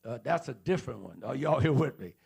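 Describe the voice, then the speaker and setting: A man's voice: mid-range voice, big pitch swings, brisk, creaky, darkish tone, husky. A man preaching a sermon in a church auditorium, repeating questions and calling out to the congregation. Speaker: pastor.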